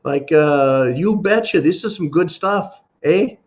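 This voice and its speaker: A man's voice: on the high side, lively intonation, takes it slowly, darkish tone, muffled recording, voice pushed up. A man putting on a folksy mock Canadian guy. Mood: jokey. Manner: hammed-up, sing-song.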